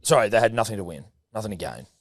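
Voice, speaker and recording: A man's voice: fairly low pitch, animated, very fast, no room sound. An Australian man co-hosting a sports podcast, rambling and joking as he tells stories and reads ads. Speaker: podcast co-host. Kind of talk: casual sports banter.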